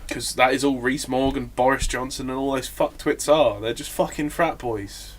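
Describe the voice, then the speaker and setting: A man co-hosting a casual political podcast, animated, sweary and mocking. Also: mid-range voice, normal speed. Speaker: podcast co-host.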